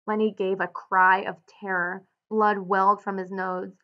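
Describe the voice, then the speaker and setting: A woman teacher reading a novel aloud and adding clear, explanatory asides for students. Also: medium pitch, flat delivery, measured pace, dull audio. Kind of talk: read-aloud with guided annotations.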